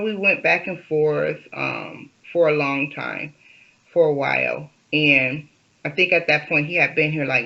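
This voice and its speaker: A woman's voice: low voice, gravelly, sharp tone, dull audio. A woman vlogger telling a personal story in a rambling, casual way, full of fillers and restarts.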